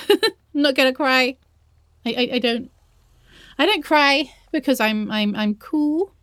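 A nervous, shy young woman, played by a woman in an audio role-play, confides in her partner, stammering and repeating herself. She talks slowly with long hesitations. The sound is close and dry. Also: high voice, a bit bright, dry recording.

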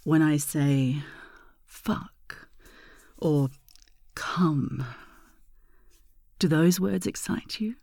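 Slow gravelly whispered role-play voice. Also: medium pitch, no room sound, clean studio sound. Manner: slow, teasing, breathy murmuring with sudden loud moans. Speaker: erotic audio performer.

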